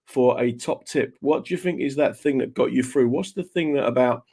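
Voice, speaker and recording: Male host for a relaxed talk show, quick with a joke, easy banter. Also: mid-range voice, breathy edge. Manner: bantering, jokey. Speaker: radio host. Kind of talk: casual radio chat.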